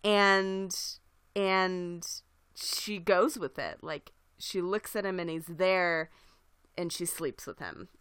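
A woman's voice: on the low side, takes it slowly, fairly bright tone, clear, resonant tone, dry recording. A young woman co-hosting a podcast, talking reflectively in casual chat and hedging with fillers. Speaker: podcast co-host.

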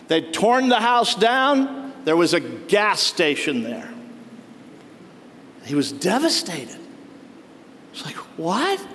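A man preaching a sermon as pastor, telling stories and acting out the lines of quoted townspeople. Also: sits high. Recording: long reverb of a hall.

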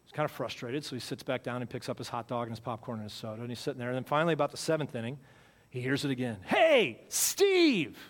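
A pastor giving a sermon in a church. He talks in a conversational way, repeats his phrases for emphasis, and swings between loud and quiet. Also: medium pitch, fairly even intonation, racing. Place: church sanctuary. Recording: long hall reverb.

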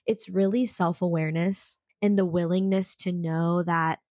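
A woman hosting a casual self-help podcast. She is sick with a cold and talks in an energetic, peppy way close to the mic, with frequent mild slang. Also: lowish voice, moderate pace, dry recording. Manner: energetic, peppy, says frickin' a lot. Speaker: podcast host. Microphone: studio podcast mic.

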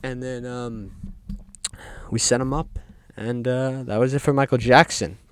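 Rambling deadpan man, smooth dry voice. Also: medium pitch, normal speed, no echo. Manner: rambling, deadpan, filler-heavy with frequent ums. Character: resident of hell describing its games. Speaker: comedic podcast host. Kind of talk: deadpan comedic monologue.

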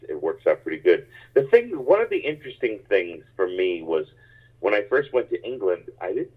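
A man who grew up in the United States, a stand-up comedian telling rambling, animated stories in a casual interview. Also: low voice, slightly rough. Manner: animated, rambling anecdotes with many restarts. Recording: tinny phone-like line.

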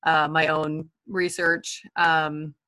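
A woman's voice: low-pitched, little pitch movement, slow, sharp tone. A woman guest in a casual chat, speaking hesitantly and thoughtfully, with frequent ums. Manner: hesitant, thoughtful, filler-heavy.

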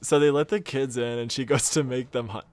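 A man's voice: mid-range voice, fairly even intonation, a little fast, darkish tone, clear, resonant tone. A man casually retelling a scary story on a podcast, acting out the quotes and swearing now and then. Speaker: podcast co-host.

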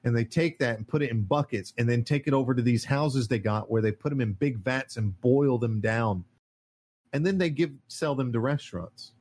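A man's voice: medium pitch, moderate pace, darkish tone. A man ranting in casual podcast chat, heated and profane. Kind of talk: casual political rant.

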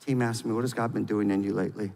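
A man preaching a sermon as pastor, swinging between loud, fervent exhortation and quiet, intimate confession. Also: lowish voice, steady tone, very fast, creaky, big-room sound.

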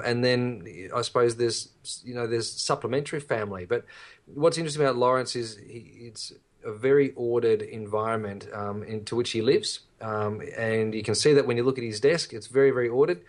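رجل أسترالي بنبرة جادة مشجعة. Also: male voice, medium pitch, brisk. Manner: earnest, encouraging, addressing listeners. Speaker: podcast co-host. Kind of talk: casual podcast chat.

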